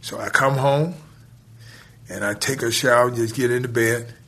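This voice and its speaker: A man's voice: mid-range voice, husky. A man telling a story from his youth in casual speech, acting out the dialogue and laughing between lines. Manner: animated, retells scenes with quoted dialogue, laughs between lines; colloquial grammar, drawn-out pauses. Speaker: guest telling a life story.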